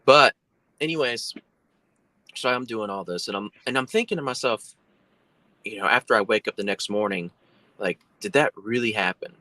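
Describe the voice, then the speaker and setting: A man's voice: lowish voice, normal speed, long pauses, bright, forceful tone, no echo. A man, a guest telling a long story on a video call, rambling with many fillers and restarts. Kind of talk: casual storytelling.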